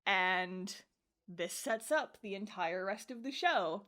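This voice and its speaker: A young woman co-hosting a podcast, casually recapping an anime episode with animated storytelling, acting out characters' lines, laughing and swearing. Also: mid-range voice, takes it slowly. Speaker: podcast co-host reviewing anime.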